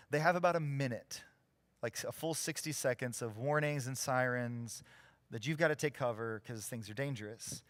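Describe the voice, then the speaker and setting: Animated preaching man, dry close sound. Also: mid-range voice, no echo. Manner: animated storyteller, acts out quoted people. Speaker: pastor. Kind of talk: sermon storytelling. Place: church sanctuary, live.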